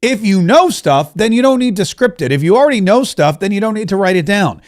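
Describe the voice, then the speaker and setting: High-voiced sarcastic male podcast host. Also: animated, a little fast. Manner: sarcastic, joking, digressive. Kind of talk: political commentary podcast.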